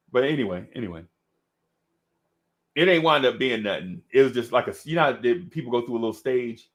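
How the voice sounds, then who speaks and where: A man's voice: mid-range voice, fairly quick. A man telling a childhood story in casual chat, laughing often and acting out the people in it. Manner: animated, laughing, acts out the people in his stories. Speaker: podcast co-host.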